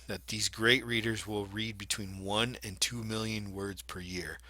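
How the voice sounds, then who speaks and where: A man's voice: on the low side, pushed and bright, dry recording. A man explaining reading skills in an instructional video lesson, demonstrating points by reading aloud. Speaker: reading teacher.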